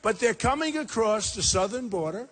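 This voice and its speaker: A man in his sixties giving a rambling, emphatic campaign rally speech in a packed high school gym, repeating his points and talking straight to the crowd. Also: expressive, normal speed. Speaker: political candidate.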